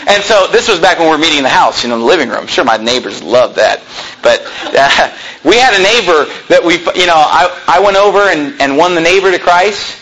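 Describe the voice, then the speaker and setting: Loud high-voiced preacher man. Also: animated, brisk, a little hiss or hum, low-quality recording. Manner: loud, yelling preaching style. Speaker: pastor. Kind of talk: fiery sermon. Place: church room without a sound system.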